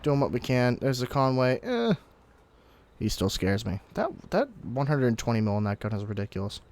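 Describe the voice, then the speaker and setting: This young gaming commentator talks casually over his own gameplay, explaining as he goes and now and then bursting out in sudden excitement. His voice is mid-range and a little fast.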